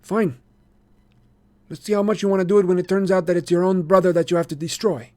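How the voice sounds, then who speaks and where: A sarcastic, wary teenage boy, voiced by a man reading a novel aloud. He sounds well above the reader's own voice, with a sharp, needling and often bitter edge. He pushes his points hard. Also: high-pitched, little pitch movement, quick pace, voice pushed up, natural voice.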